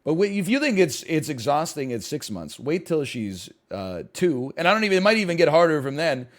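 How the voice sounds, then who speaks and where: A man's voice: fairly high pitch, very animated, brisk. A man streaming and chatting casually, rambling, sarcastic and profane, with frequent stammers and restarts.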